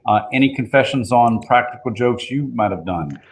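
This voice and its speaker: A man's voice: medium pitch, animated, normal speed, a little hiss or hum, poor audio. A man hosting an online meeting, hesitantly passing questions to the guest. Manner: hesitant, with many fillers. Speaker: meeting host. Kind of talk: moderating questions. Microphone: video call.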